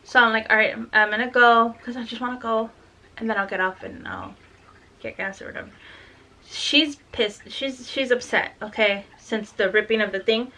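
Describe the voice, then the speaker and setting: Bright and forceful, with a fairly high pitch at normal speed, a woman vlogs casually about her daughter. Tired and lightheaded still, this mother rambles, swears, and acts out dialogue as she tells the story.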